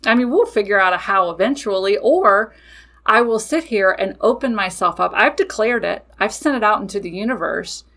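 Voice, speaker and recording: A podcast host who also runs a witchcraft business speaks in a casual monologue, blunt and matter-of-fact, laughing and cursing freely. Her mid-range voice is expressive, a bit bright and at normal speed.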